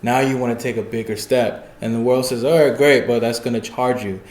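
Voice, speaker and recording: A podcast host asks follow-ups in a loose, chatty way, cheering the guest on with quick reactions. The voice is mid-pitched. The recording has a noticeably roomy echo around it. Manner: encouraging, backchannels, excited follow-ups. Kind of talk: casual interview chat.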